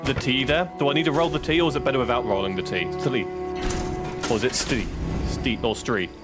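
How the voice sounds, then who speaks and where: Loud music plays behind this streamer from England, whose medium-pitched voice moves fairly quickly. He's excitable as he narrates his game casually, letting out yelps and curses at each setback.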